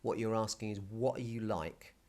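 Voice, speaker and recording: A male Spanish teacher explaining a recorded video lesson patiently, repeating key words slowly. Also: on the low side, darkish tone.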